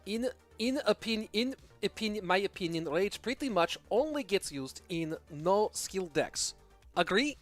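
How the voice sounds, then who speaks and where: A mock Russian voice in halting, broken English, as a man puts it on. The pitch sits fairly high for a man, with a soft, lowered delivery. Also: lively intonation, soft background music. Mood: playful.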